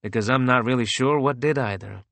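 A man's voice: mid-range voice, brisk, creaky, a bit bright, dry recording. A man reading the lines of a blunt, wisecracking man in an audiobook, casual in manner.

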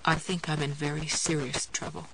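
A woman reading the lines of a frightened, hoarse woman held to a bed, in a low, croaking, husky half-whisper. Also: little pitch movement, moderate pace, fairly bright tone, a little hiss or hum, rough recording. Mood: dazed, frightened.

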